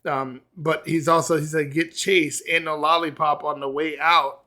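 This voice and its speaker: A man hosting a music reaction video, talking casually and reacting with quick excitement between plays of the track. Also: a little high.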